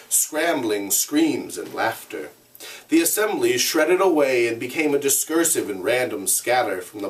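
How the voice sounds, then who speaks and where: A low-voiced teacher reads a novel aloud to his class in a steady, measured way. His delivery is lively, rising and falling with the scene. The mic catches him from a short distance. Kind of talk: reading a novel aloud to students.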